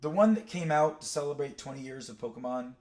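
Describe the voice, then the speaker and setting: Young male streamer, casual and digressive, loose storytelling, average pitch. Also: lively intonation, fast, darkish tone. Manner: rambling, digressive storytelling with many fillers. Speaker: streamer ranking cartoon characters. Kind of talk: casual chat.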